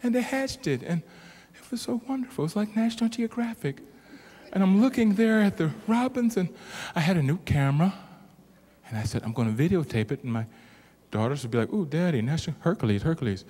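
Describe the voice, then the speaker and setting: A middle-aged man, a motivational speaker, telling a comic story to a live audience in an animated, exaggerated way with sudden yelps. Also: high-pitched, a little fast.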